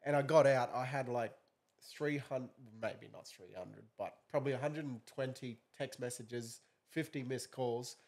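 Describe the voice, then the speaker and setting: An Australian man co-hosting a podcast, recounting pranks in relaxed, sweary conversation. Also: medium pitch, normal speed, vocal fry. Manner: laid-back, sweary, chuckling. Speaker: podcast co-host. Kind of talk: casual chat.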